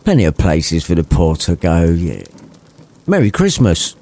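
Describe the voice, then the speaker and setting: A man voicing a crude, sarcastic old miser who swears loudly. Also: medium pitch, moderate pace, voice pushed up, natural voice. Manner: loud foul-mouthed rants.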